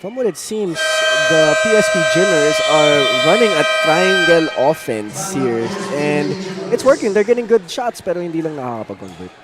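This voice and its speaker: A man's voice: fairly high pitch, very animated, moderate pace, over loud music. A man with a Filipino accent giving live analysis of a basketball game, mixing English and Filipino. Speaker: color commentator. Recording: noisy arena broadcast.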